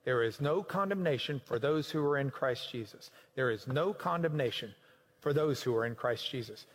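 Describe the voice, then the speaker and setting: A man preaching a sermon to a class, swinging between loud emphatic lines and quiet low ones. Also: wildly swooping pitch, moderate pace. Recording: long hall reverb.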